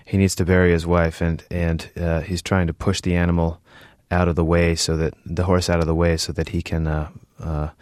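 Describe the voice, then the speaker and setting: A man with a low voice talks in an interview, stumbling over his words and starting his sentences again. He also reads aloud from his own book. The sound is dry and close. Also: little pitch movement, darkish tone, no echo. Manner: halting, many restarts and fillers. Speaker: author guest reading his novel. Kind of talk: interview answers and book reading.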